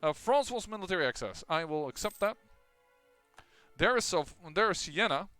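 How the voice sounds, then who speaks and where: A fairly high, smooth-voiced man talks his way through a strategy game, thinking aloud and stumbling over restarts and fillers. He sounds clean and close on a desk mic. Soft game music hums faintly beneath him. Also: lively intonation, normal speed. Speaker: gameplay commentator. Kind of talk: casual strategy game commentary.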